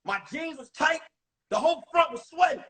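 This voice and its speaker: A male comedian telling animated stories from high school in a one-man show on a livestream. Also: moderate pace. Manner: animated, acts out voices. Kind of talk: stand-up storytelling. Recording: distant mic on a phone livestream.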